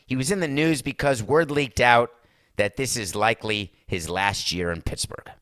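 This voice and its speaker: A man's voice: mid-range voice, moderate pace, a bit bright, no room sound, clean studio sound. A man hosting his podcast, giving sarcastic, rambling opinions with asides to his producer. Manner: mock Italian accent in one brief bit. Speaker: podcast host. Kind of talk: opinionated sports and culture talk.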